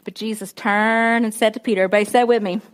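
A woman's voice: mid-range voice, steady tone, racing. A woman preacher giving a conversational, emphatic sermon to students, with call-and-response.

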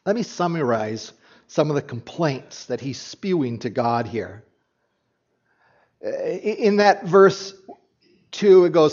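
A man preaching an animated sermon as a pastor, often restarting his sentences as he explains a passage to his congregation. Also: sits high, a little slow, lo-fi sound.

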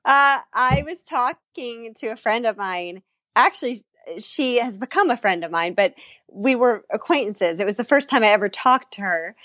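A woman's voice: on the high side, expressive, normal speed, a bit bright, no room sound, studio quality. A young woman chatting casually about her engagement and leading an earnest spoken prayer, laughing often. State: newly engaged.

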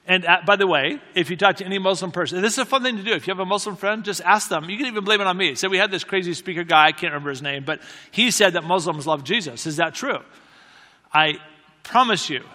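A man's voice: sits high, fast, pushed and bright. A man preaching a sermon to a live audience, telling a story in a conversational way with self-deprecating humor and repeated key phrases. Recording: long reverb of a large hall.

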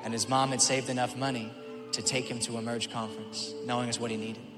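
A male pastor delivering a sermon, moving between quiet storytelling and loud, shouted preaching. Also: medium pitch, flat delivery, quick pace. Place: large church auditorium. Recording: long hall reverb with music behind.

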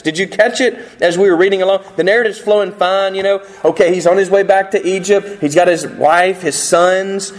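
A man delivers a sermon in a loose, conversational way. His voice sits high for a man. He keeps breaking into acted-out quotes and restarting his sentences as he goes. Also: poor audio. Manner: conversational, acts out quoted voices, self-interrupting. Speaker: pastor.

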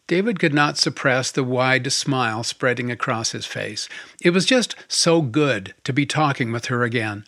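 A man narrating an audiobook in a calm, steady storytelling manner. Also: medium pitch, normal speed, dry recording, studio quality.

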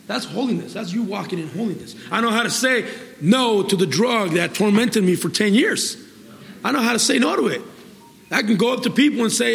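A man preaching a sermon, exuberant, bursting into laughter and praise, then reading scripture slowly and deliberately. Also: very high-pitched, expressive, vocal fry, a bit bright. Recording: long hall reverb.

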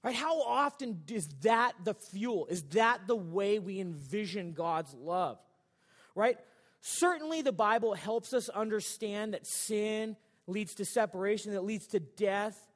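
A man's voice: high-pitched, animated, measured pace, in a large hall. A male pastor preaching a sermon in a church sanctuary, in a casual, joking, conversational way.

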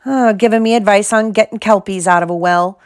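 A woman voicing a big, gruff, kindly male half-giant groundskeeper in an audiobook, speaking bluntly and colloquially. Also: medium pitch, steady tone, a little fast, no echo, studio quality, voice pushed up, close to an everyday voice. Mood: hearty. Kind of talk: audiobook character voice.

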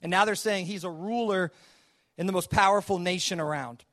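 Male preacher with a high voice, casual storyteller who acts out the quoted lines. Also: brisk, fairly bright tone. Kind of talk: sermon retelling a scripture story.

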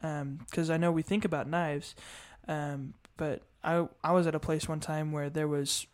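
Easygoing young man, slightly high voice. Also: level tone, moderate pace. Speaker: podcast co-host. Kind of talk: casual chat.

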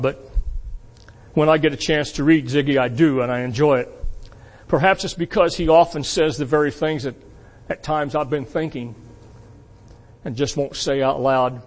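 A man preaching a sermon to his congregation, emphatic and asking them rhetorical questions, swinging between loud peaks and quiet asides. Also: on the high side. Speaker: pastor.

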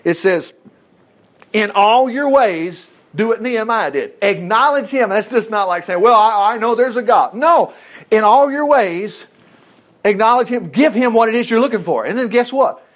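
A man's voice: high voice, moderate pace. A man preaching a conversational sermon in a folksy way, breaking off to act out the scripture dialogue. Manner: folksy, animated, self-interrupting, acting out scripture dialogue.

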